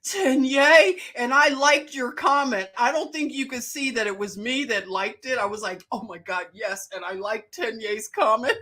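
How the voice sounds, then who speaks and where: A woman's voice: a little high, moderate pace, sharp tone. A woman with a Philadelphia accent hosting a casual livestream, greeting viewers by name and laughing often. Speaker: livestream host.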